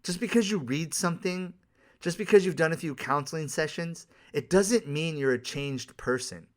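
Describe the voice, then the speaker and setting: A man's voice: fairly high pitch, normal speed. A man who works as a life coach, giving a candid, profane, conversational solo monologue on a podcast.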